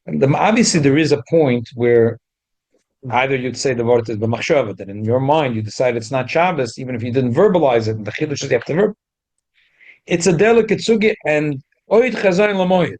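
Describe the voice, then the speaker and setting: A man's voice: medium pitch, lively intonation, brisk, darkish tone. Guy giving a talmud class, trips over his words, jumps up when he stresses a point. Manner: frequent stumbling restarts, rising emphatic jumps. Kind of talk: Talmud lesson.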